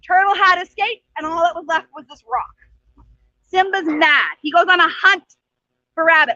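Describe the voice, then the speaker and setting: A woman with a very high, bright voice narrates a folk tale with animated, playful energy. Her voice sounds dry and dull, like lo-fi stream audio. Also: normal speed, dry recording. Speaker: storyteller at court. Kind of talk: oral folk tale telling.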